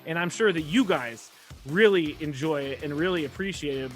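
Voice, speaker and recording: Brief: male sports podcast host, playful, steers the talk, crisp bright tone. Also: fairly high pitch, brisk, faint music behind. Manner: jokey, animated, running the segments. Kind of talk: casual sports podcast chat.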